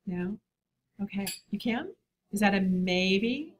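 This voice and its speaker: A woman's voice: medium pitch, animated, slow, a little hiss or hum. A woman teaching a design class, talking in a chatty, enthusiastic way. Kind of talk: classroom lecture.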